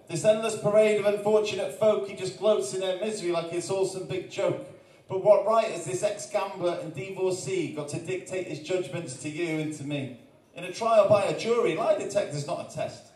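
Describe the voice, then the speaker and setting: At a gallery night in an arts centre, a Welsh performance poet with a fairly high voice recites rhyming poems live, punching out the rhythm. Between pieces he drops into relaxed, jokey, chatty patter. He stands back from the mic, so he sounds distant in an echoey room.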